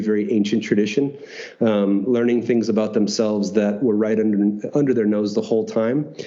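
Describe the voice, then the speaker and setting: A man telling a personal story as an interview guest, animated, swearing now and then and acting out dialogue. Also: lowish voice, highs cut off. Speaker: guest, retreat founder.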